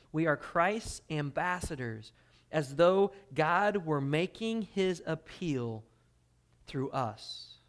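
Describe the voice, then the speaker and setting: A pastor delivering a sermon to his church, his fairly high male voice rising and falling in force. He leans on key words, slows down for scripture and speeds up when he explains. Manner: dynamic preaching, drops to quiet intensity then swells loud.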